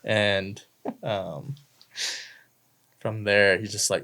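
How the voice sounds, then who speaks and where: Chill young guy telling a story, low gravelly voice, swears a lot. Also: steady tone, takes it slowly, pauses often, fairly bright tone. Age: young adult. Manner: laid-back, swears freely, acts out quotes. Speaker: podcast guest. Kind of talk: casual storytelling.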